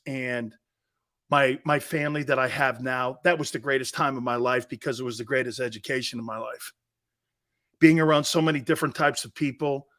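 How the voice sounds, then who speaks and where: A middle-aged man hosting a sports talk show, telling stories in a loose, animated way and acting out the voices of the people he quotes. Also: medium pitch. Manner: animated storyteller, acts out quoted voices, laughs often. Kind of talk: casual storytelling monologue.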